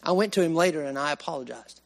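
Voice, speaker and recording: A man preaching a sermon, swinging from raised emphasis to hushed, slow lines. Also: fairly high pitch. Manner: animated, with sudden rises and hushed drops.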